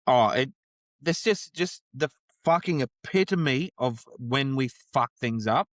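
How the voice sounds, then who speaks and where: A man's voice: mid-range voice, animated, slow pace, dry recording. An Australian man co-hosting a sports podcast, ranting and swearing about a rugby league game in casual chat. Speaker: podcast co-host. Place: studio.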